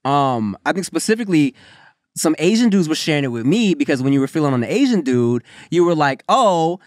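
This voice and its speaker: A man's voice: fairly high pitch, very animated, fast talker, darkish tone, no echo, clean studio sound. A man hosting a podcast, chatting loosely and joking with a guest. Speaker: podcast host. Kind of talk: casual chat.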